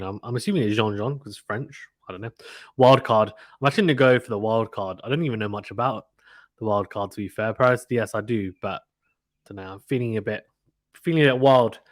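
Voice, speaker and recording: A man's voice: mid-range voice, fairly bright tone, dry recording, studio quality. A man hosting a tennis channel, casually going through a draw and making predictions in an offhand, self-deprecating way, thinking aloud.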